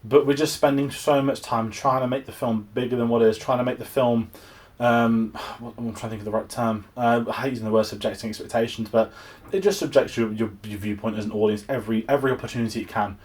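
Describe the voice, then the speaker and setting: A man's voice: medium pitch, fairly even intonation, fast, darkish tone. A young English man giving a casual, exasperated film review, rambling with frequent restarts. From England.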